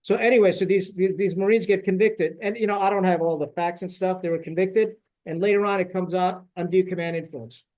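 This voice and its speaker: A man's voice: high-pitched, steady tone, a little fast, hardly any pauses, darkish tone, low-quality recording. A middle-aged man, a retired military officer, speaking as a podcast guest and telling his story bluntly and indignantly, swearing often and tagging his points with "right?". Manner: blunt, profane and indignant, with frequent fillers and "right?" tags. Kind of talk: candid storytelling in a podcast conversation.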